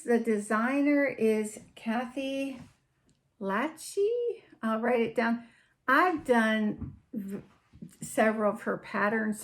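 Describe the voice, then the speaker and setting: A woman hosting a casual crafting show-and-tell, chatty and unhurried, often trailing off and picking up her sentences again. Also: on the high side. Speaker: podcast host.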